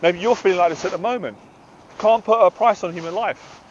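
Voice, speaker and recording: A man's voice: sits high, fairly quick, muffled recording, a little hiss or hum. A British man, a confidence coach, giving a passionate, emphatic motivational talk to camera outdoors.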